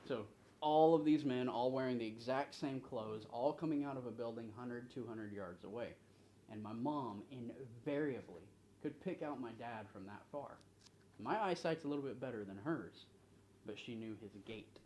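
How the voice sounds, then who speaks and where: A man's voice: medium pitch, normal speed, mellow, slight background noise, low-quality recording. A man, a pastor, leading an informal Bible study, reading scripture aloud and asking the group questions.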